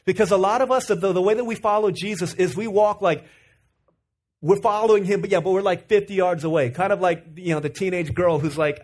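A man's voice: sits high, a little fast. A man preaching a sermon as pastor, telling a story and asking his listeners questions. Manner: storytelling, animated, asks the audience.

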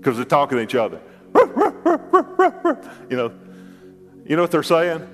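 An older man preaching a sermon as pastor, animated and joking, often repeating his words and leaping up in pitch for asides. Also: quick pace, in a large hall, faint music behind.

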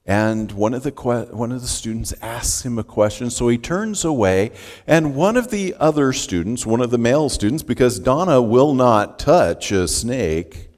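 A man's voice: medium pitch, animated, moderate pace, darkish tone. A man preaching a sermon as a pastor, telling a story and acting out its scenes. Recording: long hall reverb.

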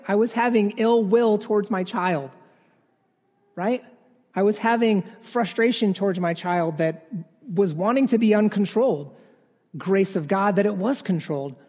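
A pastor in his thirties preaches a sermon in a high, mellow voice, taking his time. He speaks conversationally and keeps tacking on "right?" The recording carries the long reverb of a large hall.

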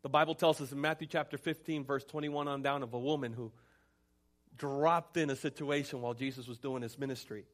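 A man pastor preaching a sermon, building intensity through repeated pleading refrains. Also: a little high.

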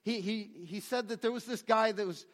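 A man with a high voice preaches a sermon. He speaks earnestly and often repeats a word or two as he restarts his phrases. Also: normal speed, fairly bright tone. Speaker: pastor.

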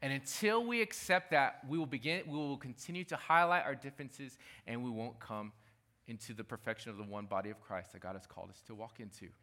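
A man's voice: mid-range voice, fairly quick, sharp tone. A man preaching a sermon as pastor, talking emphatically and repeating his key phrases.

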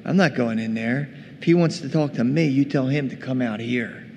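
A man's voice: medium pitch, moderate pace, creaky, darkish tone, lightly acted. A man voicing a resentful, angry eldest son who complains to his father, in a church with a long echo. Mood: sulky. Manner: indignant, complaining. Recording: long reverb, faint noise.

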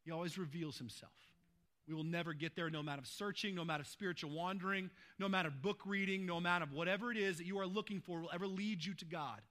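A man preaching a sermon as pastor, emphatic, stacking adjectives and swinging between loud urgency and hushed tenderness. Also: high voice, quick pace.

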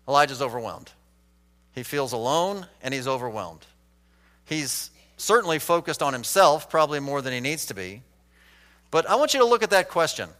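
A man preaching an expository Bible sermon, acting out quoted lines with sweeping changes in pitch and loudness. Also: animated, moderate pace, big-room sound. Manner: dramatic, acts out quoted lines with big swings in pitch and volume.

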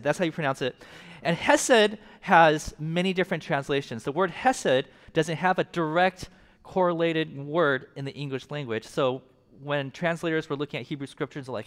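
A man's voice: fairly high pitch, long reverb tail. A man preaching a casual, joking sermon, asking the congregation to repeat words after him. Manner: casual, joking, engages the audience. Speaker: pastor.

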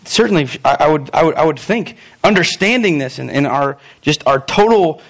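A young man preaching a sermon, animated, joking in asides and talking straight to his listeners. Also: a little high, moderate pace. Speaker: pastor.

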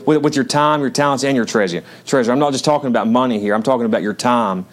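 A man's voice: mid-range voice, quick pace. A male pastor giving a sermon, conversational and joking with the congregation, then reading scripture with rising emphasis.

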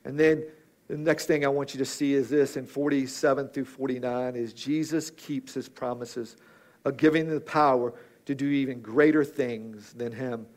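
A man's voice: medium pitch, steady tone, moderate pace, darkish tone. A man preaching a sermon in a rhythmic, emphatic manner, appealing directly to his listeners.

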